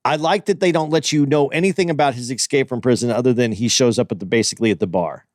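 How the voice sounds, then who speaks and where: A man's voice: mid-range voice, quick pace, darkish tone, no echo, clean studio sound. A man co-hosting a podcast in casual chat, retelling eagerly with many restarts. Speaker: podcast co-host.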